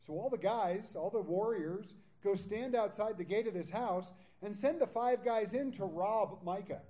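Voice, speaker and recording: A man's voice: high-pitched, moderate pace, poor audio. A man teaching verse by verse through a Bible passage, reading scripture aloud and breaking in with casual jokes and asides. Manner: animated, jokey asides and casual paraphrase between readings. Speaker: pastor teaching a Bible study. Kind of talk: conversational verse-by-verse sermon.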